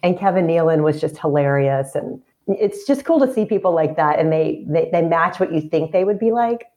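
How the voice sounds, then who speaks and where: A woman who acts, talking as a guest in a casual chat, chatty and quick to laugh. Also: sits low, lively intonation, warm tone. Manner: chatty and laughing, rambling with restarts. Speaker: guest actor.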